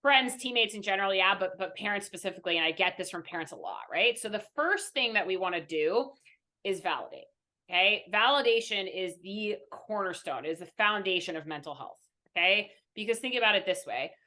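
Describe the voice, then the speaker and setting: A young adult woman, a mindfulness coach interviewed on a podcast, explains things earnestly and teacherly, checking in with "right?" after nearly every point. Her voice is medium-pitched, animated, bright and forceful, and a little fast.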